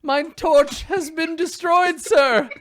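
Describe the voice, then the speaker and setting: A man voicing panicked medieval knights and their blustering captain in a tabletop game, shouting in a high, strained voice. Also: fairly even intonation, slow, exaggerated voice.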